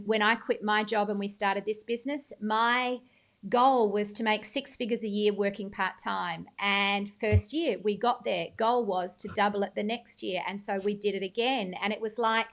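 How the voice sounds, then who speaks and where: A woman's voice: medium pitch, fairly even intonation, moderate pace, fairly bright tone. A woman hosting a live-show interview, enthusiastic and affirming, reading out viewer comments. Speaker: host.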